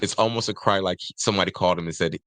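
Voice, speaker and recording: A man's voice: sits low, racing, a bit bright, no echo. A young man talking in a casual podcast chat, emphatic and given to acting out what people said. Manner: emphatic, acts out quoted voices. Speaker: podcast co-host.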